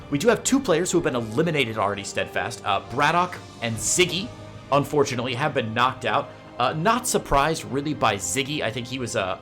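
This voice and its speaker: A man with a Midwestern American accent calling an esports match in a bright, forceful voice. He talks in a chatty, joking way, with faint music playing underneath. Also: mid-range voice. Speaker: esports caster. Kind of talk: play-by-play commentary.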